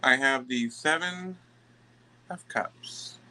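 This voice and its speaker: Man, tarot reading vlog, slow delivery, emphatic, halting restarts. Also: mid-range voice, pushed and bright, low-quality recording. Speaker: tarot reader.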